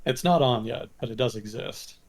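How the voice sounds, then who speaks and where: Gravelly, hesitant male guest. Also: mid-range voice, normal speed. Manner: hesitant, self-deprecating, soft-spoken. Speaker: guest commentator on news and history. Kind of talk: casual chat.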